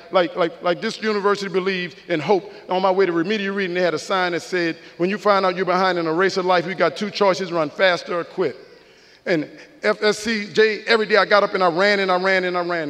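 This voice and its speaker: A commencement speaker from New Orleans gives a motivational speech in a high, fairly bright voice, preacherly and rhythmic as he repeats phrases. The long reverb of a big hall surrounds him.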